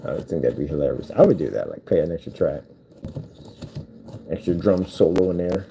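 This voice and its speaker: Deep-voiced man rambling while he builds. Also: animated, a little fast, vocal fry, warm tone, slightly rough, rough recording. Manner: meandering, talks to himself while working. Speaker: vlogger building cardboard PC cases. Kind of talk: casual rambling chat while crafting. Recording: background noise with clicking.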